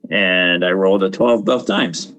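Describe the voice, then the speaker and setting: Man, player, very deep voice, slow, lively pitch. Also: poor audio. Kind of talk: tabletop game chat.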